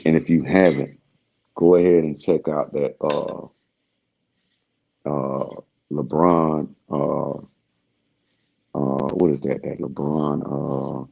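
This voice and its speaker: Man, very low and husky, casual rambling talker, lo-fi sound. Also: little pitch movement, takes it slowly, pauses often, mellow. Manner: laid-back, slangy, trailing off with fillers.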